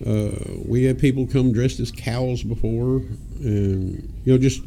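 Man, rowdy profane podcast storyteller, mellow tone, faint background noise. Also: mid-range voice, steady tone, measured pace, gravelly. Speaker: podcast co-host. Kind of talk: casual storytelling chat.

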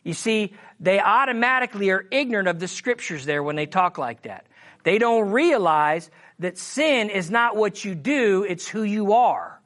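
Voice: mid-range voice, lively intonation, fairly bright tone. A preacher teaching from the Bible in a sermon, reading scripture with emphasis and often checking in with "Amen?" and "All right?". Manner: reads scripture slowly, with emphasis.

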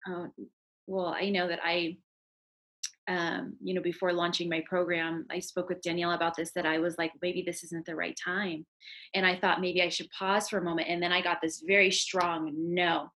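A woman's voice: on the low side, fairly bright tone, poor audio. A woman host in casual chat who speaks with animation and quotes her own inner voices.

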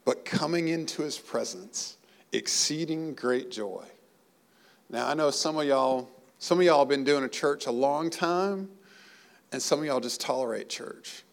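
Gravelly earnest male preacher. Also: a little high, normal speed. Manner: earnest, emotional preaching with rising emphasis. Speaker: pastor. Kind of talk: sermon.

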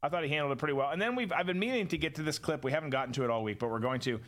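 A man's voice: fairly high pitch, very fast, a bit bright. A man hosting a political talk show, scornful and rambling, with many restarts. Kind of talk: opinionated political commentary.

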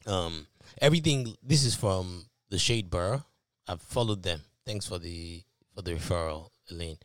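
A man co-hosting a podcast in casual chat, reading out news and reacting with animated, mocking asides. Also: sits low, moderate pace, no echo. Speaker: podcast co-host.

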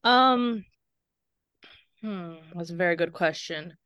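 Woman, tabletop player, hesitant, thinking aloud, bright tone, dry. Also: lowish voice, slow pace, clear, resonant tone, dry recording. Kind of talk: casual tabletop play.

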